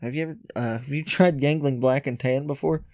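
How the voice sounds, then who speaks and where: A man guest on a podcast, easygoing and mid-pitched. He tells his stories slowly, pausing often on uhs. The sound is dry and close. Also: fairly even intonation, a little mellow, no echo. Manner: laid-back, hesitant with many uhs. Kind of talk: casual storytelling.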